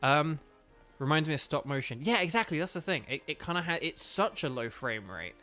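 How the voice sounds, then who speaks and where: A man's voice: fairly high pitch, lively intonation, fairly quick, bright, forceful tone, soft background music. A man with a Northern Irish accent giving casual let's-play commentary, rambling with lots of fillers and restarts. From Northern Ireland. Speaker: gaming YouTuber and voice actor.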